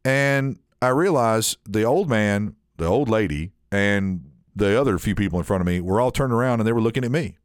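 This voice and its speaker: A man co-hosting a podcast, telling a rambling, animated anecdote in casual chat and imitating the people in it. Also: fairly low pitch, moderate pace, hardly any pauses, no room sound, clean studio sound. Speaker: podcast co-host.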